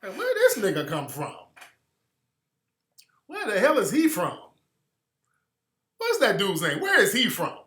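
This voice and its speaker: A man hosts a radio talk show in a loose, slangy, rambling way, often trailing off mid-thought. His voice sits a little high and sounds bright and forward. The room around him is echoey. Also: wildly swooping pitch, unhurried, pauses often. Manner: slangy, rambling, trails off while looking things up. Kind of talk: casual commentary to listeners.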